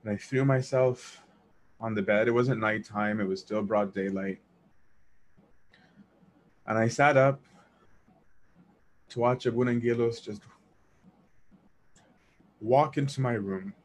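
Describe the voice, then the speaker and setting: A man's voice: lowish voice, slow pace, long pauses, slight background noise. A man telling a personal faith story in a casual, earnest way, with self-deprecating asides and frequent restarts.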